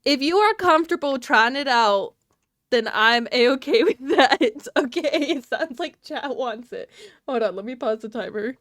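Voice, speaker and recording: A woman streamer rambling casually to her live chat, scattered and quick to laugh. Her voice sits on the higher side and sounds dry and close, with no room around it. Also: animated, a bit bright, no echo. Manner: chatty and scattered, laughing often, talking to chat.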